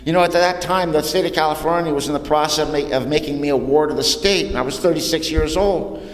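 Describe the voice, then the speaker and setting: A recovery meeting speaker in his sixties, his voice fairly high and his pace quick, relates his own story to the audience. It's humorous, plainspoken, and full of casual slang, heard through roomy hall reverb with faint noise.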